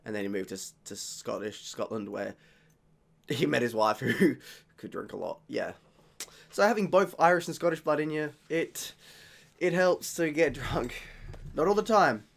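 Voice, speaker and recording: A man's voice: medium pitch, animated, normal speed, vocal fry. A young Australian man hosting his channel, talking casually and rambling, often correcting himself as he tastes beers. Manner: rambling, chatty, self-correcting. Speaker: channel host. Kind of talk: casual beer tasting vlog.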